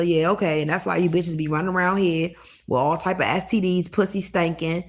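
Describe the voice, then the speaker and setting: Low, gravelly, blunt-talking woman. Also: a little fast. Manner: blunt, profane, animated storytelling. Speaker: livestreamer. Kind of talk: casual livestream chat.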